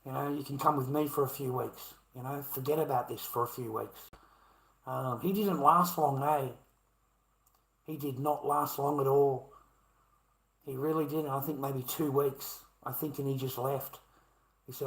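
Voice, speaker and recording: A man's voice: mid-range voice, moderate pace, fairly bright tone, roomy sound, rough recording. A man telling a rambling personal story, full of slang and calling the listener mate and bro. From Australia.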